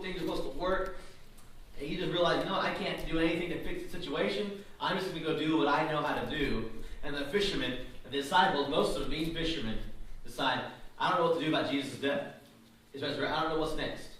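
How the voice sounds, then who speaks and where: Conversational preacher in an echoey hall. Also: male voice, fairly high pitch, fairly bright tone, slight background noise. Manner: conversational, with many restarts and asides. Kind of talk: sermon. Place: church sanctuary. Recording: echoey church hall, mic at a distance.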